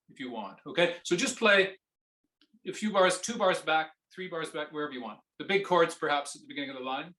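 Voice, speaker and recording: A man's voice: fairly high pitch, lively intonation, moderate pace, reverberant. Man singing musical phrases in a masterclass. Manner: sings phrases with nonsense syllables, gentle questioning. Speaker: viola masterclass teacher. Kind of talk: coaching a student in a masterclass.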